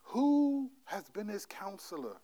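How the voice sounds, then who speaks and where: A male pastor preaching a sermon, telling stories animatedly, playing out God's voice in slangy asides and then dropping into a quieter, gentle exhortation. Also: sits high, sing-song, slow. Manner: drops to a soft, quiet delivery for the exhortation.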